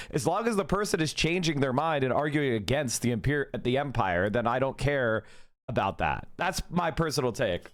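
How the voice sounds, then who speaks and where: A man streaming a heated political rant, profane and exasperated, firing off rhetorical questions. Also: medium pitch.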